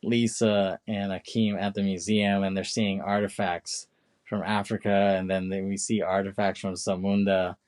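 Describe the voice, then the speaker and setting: A man co-hosting a podcast, casually retelling film scenes with many fillers and quick put-on quotes of the characters. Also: deep voice, little pitch movement, a little mellow. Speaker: podcast co-host. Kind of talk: casual chat.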